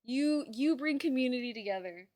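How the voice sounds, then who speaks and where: A young woman streamer chatting casually with her viewers, bubbly and quick to swear. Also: sits high, lively intonation, a little mellow, dry recording.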